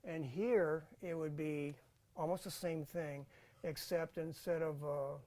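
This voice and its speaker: A man's voice: fairly high pitch, steady tone, takes it slowly, darkish tone. A man teaching a Bible college class in a casual lecture style, thinking aloud with fillers and restarts.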